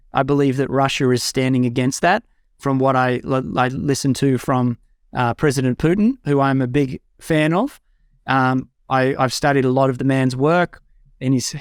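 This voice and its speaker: A man's voice: mid-range voice, no room sound, clean studio sound. A young adult man talking casually and enthusiastically as a guest, with frequent fillers and restarts. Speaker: guest speaker. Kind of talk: casual talk. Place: home in a rural eco-village.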